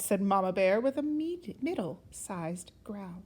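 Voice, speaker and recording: A woman teacher reading a children's story aloud in an expressive, sing-song way, sometimes dropping to a whisper. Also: medium pitch, takes it slowly, few pauses, husky, poor audio.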